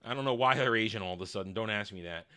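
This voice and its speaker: A man hosting a casual show review, animated and sarcastic. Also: on the low side, racing, clean tone. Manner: animated and sarcastic, jumping into voices.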